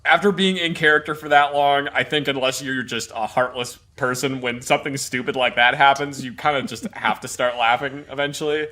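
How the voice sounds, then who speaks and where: A man's voice: medium pitch, a little fast, hardly any pauses. A man who served in the military, telling stories in a casual chat and laughing often as he talks. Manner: animated, laughs often mid-story. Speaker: military veteran storyteller.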